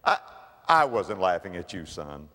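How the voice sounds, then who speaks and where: A man voicing a soft-spoken, rueful father who gently explains himself to his young son, in a sermon recorded in a reverberant hall. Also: sing-song, unhurried, full character voice. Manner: soft, low, tender.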